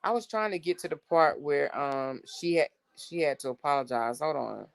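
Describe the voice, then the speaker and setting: A woman's voice: deep voice, expressive, normal speed, creaky. A woman hosting a casual livestream, reading text messages aloud to her viewers in an exasperated, blunt way and swearing freely. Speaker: livestream host.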